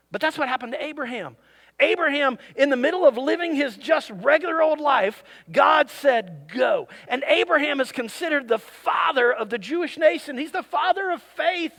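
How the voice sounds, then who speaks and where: High-voiced man preaching, animated. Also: brisk. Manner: animated, jokey asides to the congregation. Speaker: pastor. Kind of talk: sermon. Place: church service.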